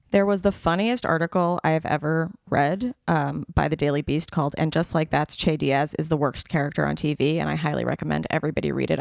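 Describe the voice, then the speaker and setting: Low gravelly-voiced woman chatting. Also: dry recording, clean studio sound. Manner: frank, chatty, swears casually. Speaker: podcast co-host. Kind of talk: casual podcast chat.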